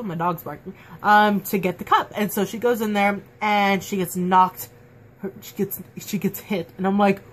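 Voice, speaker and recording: Brief: excitable woman reviewer, mid-pitched, gushing fan chat with light background hiss. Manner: gushing, excitable, full of "like" and fillers. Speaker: TV episode reviewer. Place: at home, dog nearby.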